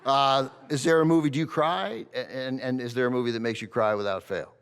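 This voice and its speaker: A man hosts a live podcast interview on stage, speaking in an easy conversational way with plenty of fillers. His voice sits at a middle pitch. A long hall reverb trails each phrase. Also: brisk, smooth. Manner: conversational, many "uh" and "yeah" fillers. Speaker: podcast host. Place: on stage at a film festival before an audience.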